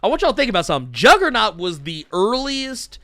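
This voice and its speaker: A man's voice: high-pitched, sing-song, brisk, fairly bright tone, no room sound, soft background music. A man in his thirties hosting a podcast, talking animatedly, laughing and swearing freely. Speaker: podcast host. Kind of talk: casual chat.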